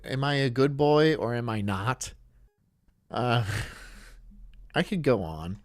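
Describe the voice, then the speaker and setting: A man's voice: mid-range voice, animated, slow, no echo, clean studio sound. A man hosting a stream, rambling through crude jokes and laughing at his own bits. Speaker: streamer host. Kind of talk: crude casual stream banter.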